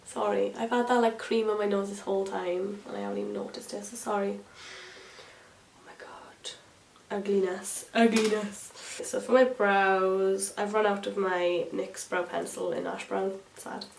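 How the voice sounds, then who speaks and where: A woman's voice: medium pitch, little pitch movement, moderate pace, creaky, recorded from a distance, slight background noise. A young woman, a beauty vlogger telling a story while doing her makeup, chatty and swearing freely. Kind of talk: chatty get-ready-with-me vlog. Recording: echoey room, voice a bit off-mic.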